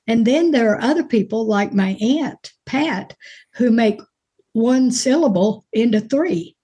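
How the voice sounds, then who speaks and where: A woman from Alabama with a mild Alabama accent, chatting as an actress guest in an interview, folksy and quick to laugh. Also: on the high side, animated, mellow, breathy edge. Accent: mild Alabama Southern. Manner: folksy, chatty storyteller who laughs easily. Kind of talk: casual interview chat.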